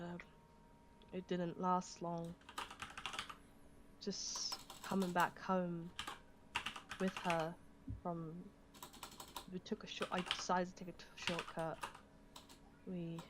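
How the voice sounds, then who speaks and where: A woman speaking in character as a tabletop game player, tearful and hesitant, stopping and restarting her sentences. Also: fairly low pitch. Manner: halting and hesitant, many restarts. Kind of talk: in-character roleplay. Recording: keyboard typing noise.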